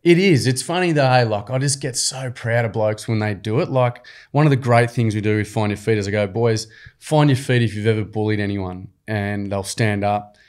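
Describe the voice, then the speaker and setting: A man's voice: on the low side, a little fast. A young adult Australian man, a podcast guest, telling stories in casual, slangy, earnest chat. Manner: earnest, slangy, animated storytelling. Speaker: podcast guest, program founder. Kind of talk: casual storytelling.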